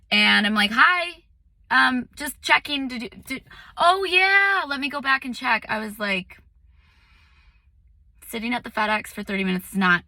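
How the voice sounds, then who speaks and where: A woman meditation teacher in a casual vlog, chatty and animated, telling a story with lots of "like" and "um". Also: mid-range voice, no echo.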